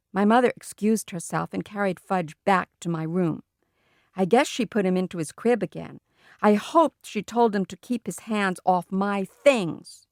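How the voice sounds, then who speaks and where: A woman's voice: mid-range voice, no echo, studio quality. Woman reading a children's story aloud. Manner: lively first-person storytelling as a boy. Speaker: audiobook reader. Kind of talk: children's audiobook narration.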